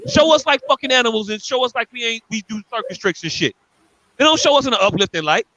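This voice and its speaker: A high, bright male voice drives an angry, profane rant on a podcast. He circles back to the same points again and again. The recording is dry and a little dull, like lo-fi podcast audio. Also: animated, fast, no room sound. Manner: angry, profane, repetitive ranting. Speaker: podcast co-host.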